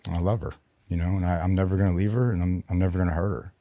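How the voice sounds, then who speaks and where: Low, dark-voiced man, halting and subdued. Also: flat delivery, no room sound. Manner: halting and subdued, with frequent restarts. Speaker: podcast guest, military veteran. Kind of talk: candid personal storytelling.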